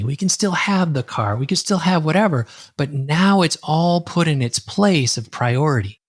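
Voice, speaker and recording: Lively storytelling man, dry close sound. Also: mid-range voice, slightly rough, dry recording. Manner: lively, acts out quoted dialogue. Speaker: coach and guest. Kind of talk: conversational storytelling.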